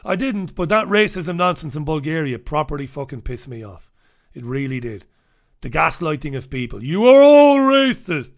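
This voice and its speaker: Profane, ranting Irish radio host. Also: male voice, on the high side, moderate pace, vocal fry, fairly bright tone. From Ireland. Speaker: radio talk show host. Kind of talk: opinionated talk radio monologue.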